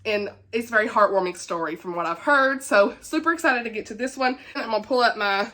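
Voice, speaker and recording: Bright chatty Southern woman. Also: a little high, fast talker, hardly any pauses. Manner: chatty and folksy, laughs often, says "y'all" and "honey". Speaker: book vlogger. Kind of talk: casual chat.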